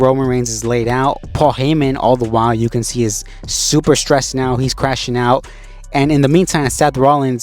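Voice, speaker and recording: A man's voice: medium pitch, darkish tone. Laid-back man recapping a show. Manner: conversational, loose, with frequent "you know" and "like". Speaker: wrestling show recap host. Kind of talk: casual spoken recap.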